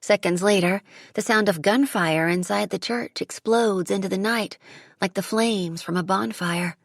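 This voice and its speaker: A woman reads a first-person audiobook with vivid, dramatic storytelling. Her voice is husky with a gravelly edge. It is recorded dry and close on a studio mic. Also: mid-range voice, unhurried, no room sound. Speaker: audiobook narrator.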